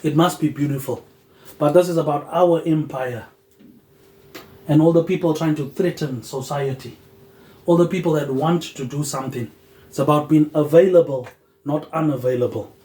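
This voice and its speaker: A man hosting a solo podcast, rambling loosely with "um" pauses and dropping a low, quiet "mate" at the end of his phrases. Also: reverberant, rough recording. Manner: drifting, loosely connected talk with "um" pauses. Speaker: podcast host.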